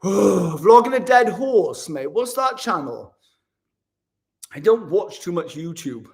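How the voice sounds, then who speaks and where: A young man with a high, light voice, chatting loosely to his live viewers. He laughs often and drops "mate" into nearly every sentence. He is talking in a hotel room. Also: sing-song, slow pace, fairly bright tone. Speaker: live-streaming vlogger. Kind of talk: casual live-stream chat.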